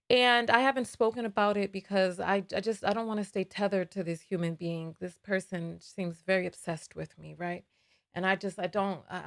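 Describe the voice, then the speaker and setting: A woman with a thick New York accent delivers a frank, emphatic commentary as host of her own show. She sounds tired, stumbles and restarts her sentences, and stays in an everyday mid-range register. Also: mid-range voice. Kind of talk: commentary monologue.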